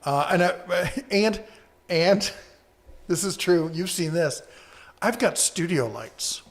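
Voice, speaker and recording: A man's voice: sits high, animated, slow. A man co-hosting a casual live-stream podcast, rambling easily and reading viewer comments aloud.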